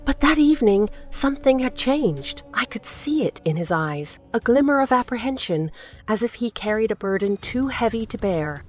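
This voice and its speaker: A woman voicing a frightened, grieving widow in an audiobook, speaking in a trembling, hushed voice. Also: on the high side, big pitch swings, moderate pace, voice pushed up. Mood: fearful. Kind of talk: audiobook character voice.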